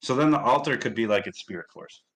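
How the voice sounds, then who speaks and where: A man's voice: mid-range voice, lively intonation, quick pace, fairly bright tone, poor audio. Upbeat Midwestern man hosting a stream. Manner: upbeat, rambling with fillers and restarts. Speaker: stream host. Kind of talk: casual livestream commentary.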